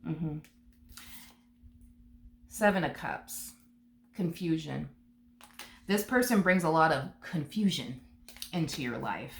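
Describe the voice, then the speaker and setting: Brief: sassy woman tarot reader, low voice, casual chat, roomy echo. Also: animated, slow, gravelly, pauses often. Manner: chatty, sassy, full of "um" and "you know". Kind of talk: casual tarot reading monologue.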